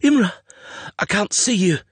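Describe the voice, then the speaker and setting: A man voicing a frightened young man who shouts and pleads desperately. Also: on the high side, animated, slow, breathy edge, no echo, voice pushed up, heavily acted. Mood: panicked shouting.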